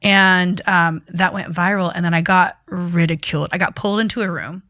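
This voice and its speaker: A woman talking as a guest in a casual interview, animated and emphatic as she tells her story. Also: lowish voice, normal speed, no echo, clean studio sound. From United States.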